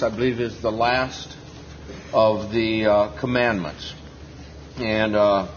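A man's voice: medium pitch, slight background noise. A man explaining a Bible parable earnestly, with many fillers, in a dull lo-fi meeting recording. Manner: earnest, with frequent fillers and restarts. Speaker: preacher at a Bible reading. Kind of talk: Bible exposition.

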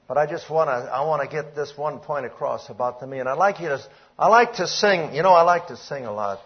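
A husky-voiced man preaching, his tone pitched a little high as he quotes scripture and presses his point. He clears his throat now and then. The recording is dull and lo-fi. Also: brisk, few pauses. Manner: preaching with rising emphasis, quoting scripture. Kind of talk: sermon.

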